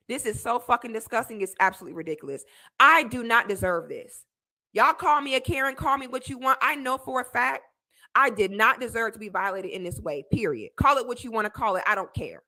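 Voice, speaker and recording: A woman's voice: a little high, pushed and bright. A young woman giving heated, indignant commentary on a video as a debate panelist, emphatic and repetitive. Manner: indignant, emphatic, repeats herself. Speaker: debate panelist reacting to a clip.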